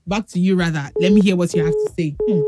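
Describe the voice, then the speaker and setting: A woman's voice: fairly low pitch, quick pace. A woman with a Nigerian accent hosting a call-in radio show, telling stories and chatting fondly with callers. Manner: affectionate, storytelling with sung bits.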